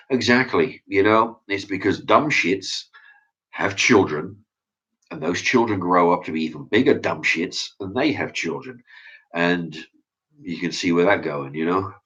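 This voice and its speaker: A man hosting a channel reads viewer comments during a casual opinion chat, ranting bluntly and swearing freely. His voice is low and fairly bright, a little slow, and the recording sounds dull and lo-fi.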